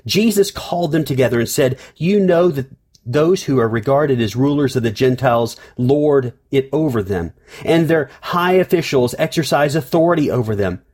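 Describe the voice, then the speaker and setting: A man's voice: medium pitch, animated, moderate pace, a little mellow. A man reading scripture and preaching a sermon as pastor, telling stories and lifting his voice for quoted cries.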